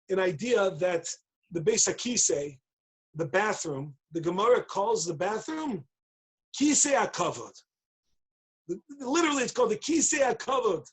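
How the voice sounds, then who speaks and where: A man's voice: high voice, breathy edge. A man giving a playful, emphatic Torah talk over a video call, acting out the voices in his story. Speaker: rabbi giving a daily talk. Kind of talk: animated Torah talk with a joke.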